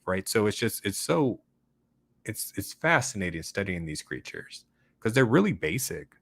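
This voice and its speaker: Deep-voiced man rambling to his viewers. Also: sing-song, normal speed, creaky, fairly bright tone, no room sound. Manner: rambling, keeps asking "right?", laughs between points. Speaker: channel host. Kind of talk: casual livestream monologue answering viewer comments.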